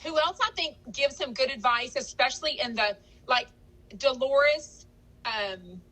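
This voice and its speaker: Chatty high-voiced Texas woman. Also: sharp tone, rough recording. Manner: chatty, gushing, quick laughs. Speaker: podcast co-host. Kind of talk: casual podcast chat.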